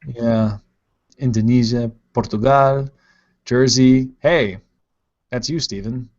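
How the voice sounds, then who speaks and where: A casual male podcast host from Ohio, rambling and playful as he reads out live chat comments. His voice sits at an ordinary pitch, and the stream audio is dull and lo-fi. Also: slow, a little mellow.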